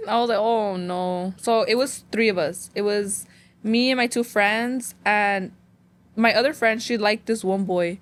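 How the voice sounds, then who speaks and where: A young woman chatting as a podcast guest, telling lively stories and switching between English and Spanish. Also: on the high side. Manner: storytelling, mixing English and Spanish, acting out others. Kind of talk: casual interview chat.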